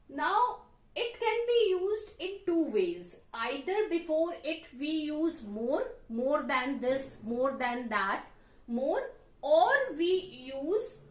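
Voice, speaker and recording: A woman English teacher with an Indian English accent, explaining grammar slowly at a board and repeating her examples. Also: high-pitched, echoey room. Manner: explains slowly, repeats examples, frequent "you know" and "okay". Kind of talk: classroom grammar lesson. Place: classroom with a board.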